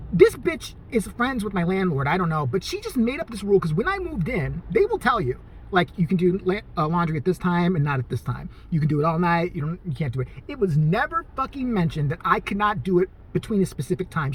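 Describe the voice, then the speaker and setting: A man's voice: high voice, a little hiss or hum. A man telling a profane, comedic rant about his day in a casual vlog. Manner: animated, profane, storytelling. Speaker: vlogger.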